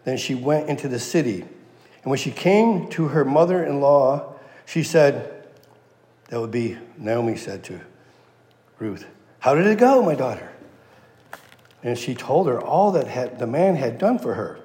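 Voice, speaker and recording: A man delivers an expository sermon in a big reverberant hall, his voice carrying a long echo. He reads the passage and then slips into the characters, paraphrasing them in lively everyday speech. His pitch sits in an ordinary middle range. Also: measured pace, long pauses. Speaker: preacher.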